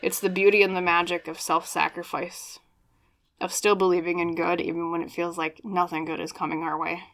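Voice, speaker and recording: A woman talks through a pick-a-card tarot reading in a sincere, chatty way, often stopping to check in or apologize. Her voice is bright and somewhat forceful, and it sits a little low for a woman. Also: level tone, a little fast. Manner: earnest and apologetic, openly emotional. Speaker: tarot reader.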